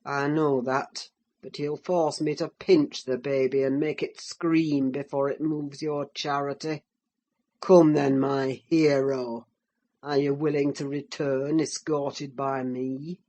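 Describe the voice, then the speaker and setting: A woman voicing a harsh, menacing middle-aged man who scolds his frail son with gruff scorn, in an audiobook reading. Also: extremely low pitch, level tone, takes it slowly, pitched below the performer's own voice, heavily acted. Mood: menacing, scornful. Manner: gruff, scornful, growls then bursts into shouts.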